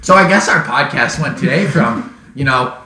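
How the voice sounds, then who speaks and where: A young man co-hosting a podcast, chatting casually with friends and telling animated stories with some swearing. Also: mid-range voice, normal speed. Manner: animated storyteller, swears freely. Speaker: podcast co-host. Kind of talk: casual chat among friends. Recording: echoey room with background noise.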